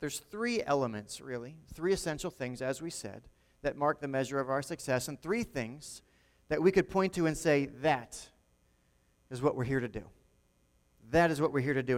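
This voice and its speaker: A man's voice: mid-range voice, in a large hall. A man preaching a sermon as pastor to his congregation, conversational, with frequent restarts and repeated words.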